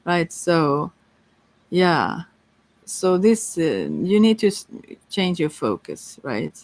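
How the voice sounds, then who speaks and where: A woman's voice: on the low side, big pitch swings, slow pace, a little mellow, no room sound. Giggly woman giving a tarot reading. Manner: chatty, giggly, hesitant with many fillers. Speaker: tarot reader. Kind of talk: casual live-stream tarot reading.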